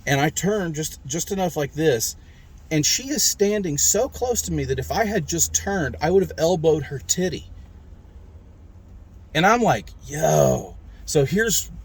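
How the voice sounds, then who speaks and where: A man's voice: on the high side, expressive, unhurried, breathy edge. A man casually telling a rambling, candid story in his own video diary, recorded on a phone in a vehicle. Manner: rambling, candid, self-described talker. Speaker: mental health vlogger.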